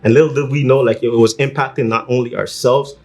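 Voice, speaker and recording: Excited male host, casual. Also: medium pitch, quick pace. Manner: excited, with many yo's and affirmations. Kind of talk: casual group chat.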